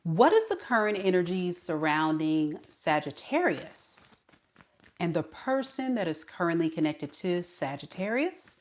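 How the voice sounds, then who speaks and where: A woman's voice: on the low side, very animated, measured pace, a little hiss or hum. A woman from the southern US giving a live tarot reading, chatty and laughing often as she answers her chat. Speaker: tarot reader. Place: home at night.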